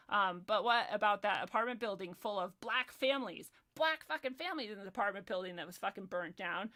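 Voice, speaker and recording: A woman's voice: mid-range voice, animated, fairly quick, few pauses, pushed and bright. A woman hosting a livestream, ranting in a heated, profane and sarcastic way, reading the chat now and then. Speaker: livestream host.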